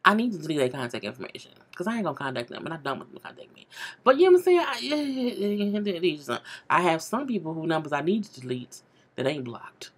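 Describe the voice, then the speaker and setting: A young woman chats through a show recap in a husky, slightly breathy voice. Her pitch swings widely as she talks, gossipy and animated, tossing in "okay?" between thoughts. It is casual vlog talk, loose and conversational. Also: quick pace.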